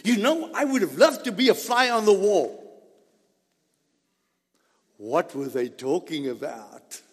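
A man preaching a sermon in a high, swooping voice that climbs and drops freely. He takes his time and fires rhetorical questions at the listeners. His words ring out with the long reverb of a large hall. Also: takes it slowly, husky. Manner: animated, rhetorical questions to the congregation.

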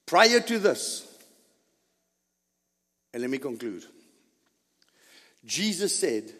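A man preaching a sermon as pastor, posing rhetorical questions, answering them himself and building up to shouts. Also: mid-range voice, sing-song, takes it slowly, pauses often. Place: church sanctuary. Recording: long reverb of a large hall.

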